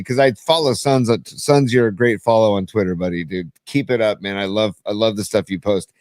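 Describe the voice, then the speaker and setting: Chatty mid-pitched male sports co-host. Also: normal speed, hardly any pauses, darkish tone, no room sound, studio quality. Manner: chatty, enthusiastic, fillers like "dude". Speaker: podcast co-host. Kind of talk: casual sports talk.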